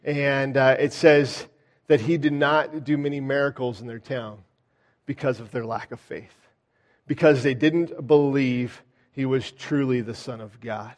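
A man preaching a sermon, telling the story in a lively way, often pausing on "uh" and restarting his words. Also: medium pitch. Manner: animated, acts out the townspeople's doubts; frequent "uh" fillers and restarts. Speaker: pastor.

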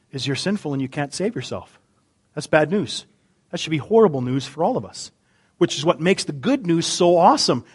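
A middle-aged man preaching a sermon, humorous, swinging between loud emphasis and quiet asides. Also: high voice, slightly rough. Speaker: pastor.

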